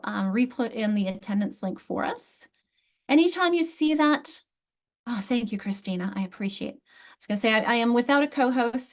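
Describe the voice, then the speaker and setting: A woman with a New York accent leading an online literacy class in a friendly, chatty way, often restarting her sentences. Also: a little high. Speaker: literacy instructor. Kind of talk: online teaching session. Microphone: video call.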